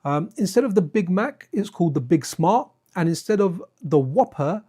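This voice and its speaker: A man's voice: sits high, expressive, moderate pace, mellow, breathy edge. A man chatting casually to his viewers on a live stream while playing retro games, wandering off into side stories and addressing chat by name.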